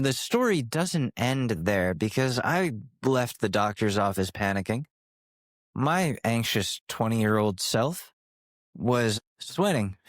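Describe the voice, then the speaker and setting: A man's voice: medium pitch, no echo, clean studio sound. Profane, rambling young man telling a story. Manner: profane, rambling, self-mocking; jumps from sidetrack to sidetrack. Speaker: podcast host. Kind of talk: candid storytelling rant.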